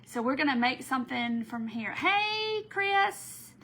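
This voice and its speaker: A woman's voice: high voice, sing-song, takes it slowly, fairly bright tone, low-quality recording. A woman hosting a casual live craft stream from home. She chats easily, greets viewers by name and laughs often. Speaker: craft host.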